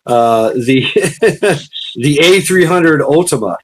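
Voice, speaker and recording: A man's voice: a little high, animated, takes it slowly, rough recording. A man hosting a casual live stream chat, joking and laughing, often repeating words as he starts a sentence. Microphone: remote call via streaming platform.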